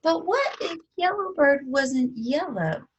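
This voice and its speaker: A woman teaching a children's music lesson, gently asking questions and singing short phrases and rhythm syllables. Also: sits high, expressive, takes it slowly, lo-fi sound, a little hiss or hum.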